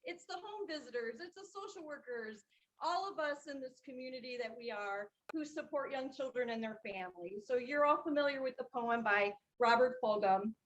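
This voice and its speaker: A woman's voice: high-pitched, moderate pace, low-quality recording. A woman who trains teachers and sings for families, giving an upbeat welcome and urging the audience to join in. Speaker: children's music performer and teacher trainer. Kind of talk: welcoming address to a conference.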